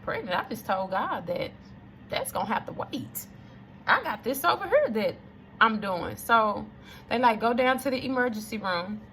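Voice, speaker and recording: Emphatic woman with a gravelly edge. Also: a little high, a bit bright, slight background noise. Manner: emphatic, preachy, repeats for emphasis. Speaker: storyteller addressing viewers. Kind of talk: casual testimony to camera.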